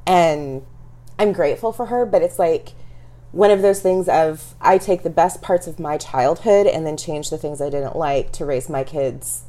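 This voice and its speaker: A woman's voice: sits low, measured pace, warm tone. Candid, reflective middle-aged woman. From Texas. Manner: candid, reflective, laughs often. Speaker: interview guest. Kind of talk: casual conversational interview.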